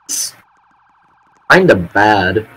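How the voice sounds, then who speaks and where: A man's voice: lowish voice, very animated, extremely slow, a bit bright, husky, poor audio. A man chatting casually over game voice chat, joking crudely and swearing. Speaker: player in voice chat.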